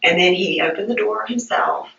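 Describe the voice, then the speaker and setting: A woman's voice: medium pitch, normal speed, creaky, a bit bright, slight background noise. A woman recounting events to a detective in a police interview, hesitant and stumbling, repeating her words. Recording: muffled roomy archive interview tape, distant.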